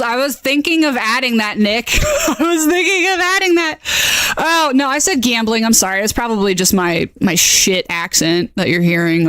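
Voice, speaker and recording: A woman hosting a casual live-stream tutorial as a game master. She is chatty and excitable, reacting aloud as she clicks and tagging her lines with "okay?". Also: medium pitch, clear, resonant tone, no room sound, studio quality.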